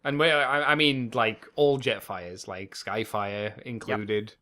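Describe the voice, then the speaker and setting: A man's voice: on the low side, fairly even intonation, slow pace, sharp tone. A man co-hosting a podcast, rambling and correcting himself as he goes, often laughing. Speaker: podcast co-host. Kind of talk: casual chat.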